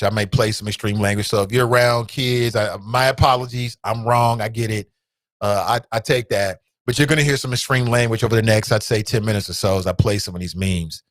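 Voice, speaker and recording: In clean, echo-free studio audio, a man with an American Midwest accent hosts a talk show, laughing and animated through his casual commentary as he veers from loud outbursts to hushed asides.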